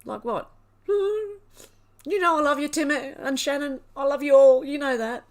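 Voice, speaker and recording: A woman's voice: high voice, moderate pace. A woman hosting a livestream, emotional and crying as she reads viewer comments aloud in casual chat. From Australia. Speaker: livestream host.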